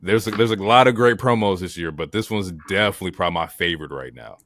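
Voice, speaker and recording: A man's voice: deep voice, fast, fairly bright tone. A man co-hosting a wrestling podcast, joking and slangy in casual chat. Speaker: podcast co-host.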